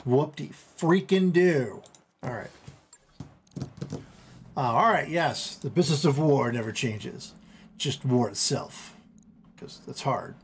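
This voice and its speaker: A man casually commentating his strategy game stream at home, rambling, interrupting himself and getting excited over small things. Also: medium pitch, slow pace, pauses often, a little hiss or hum.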